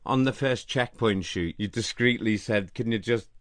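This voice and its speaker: A man's voice: fairly low pitch, moderate pace, dry recording. An older man with a Liverpool accent telling stories in a casual radio conversation, acting out what people said. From Liverpool, England. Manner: animated storyteller, acts out quoted exchanges. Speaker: interviewer.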